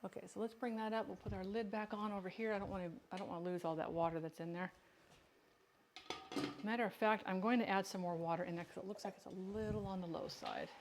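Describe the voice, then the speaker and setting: A woman's voice: mid-range voice, fairly even intonation, fast, a little hiss or hum. A chatty woman talking through a home canning session in a mid-range voice. She jokes at her own expense and calls out viewers by name as she works. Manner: chatty, joking, self-teasing, talks to viewers by name. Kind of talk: casual cooking livestream chat.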